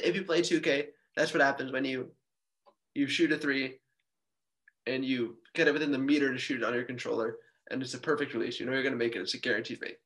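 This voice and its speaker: A man hosting a casual sports podcast, talking as an excitable, jokey fan in fast bursts. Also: medium pitch.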